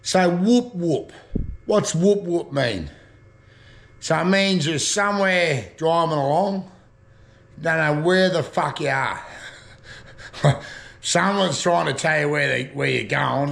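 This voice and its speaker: A man with a broad Australian accent talks in a loose, rambling way, swearing freely as he goes. His voice has heavy gravelly fry and sits a little high for a man. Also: expressive, takes it slowly, pauses often, fairly bright tone. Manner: rambling, swears casually, laughs at own jokes. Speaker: vlogger. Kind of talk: casual chat explaining slang.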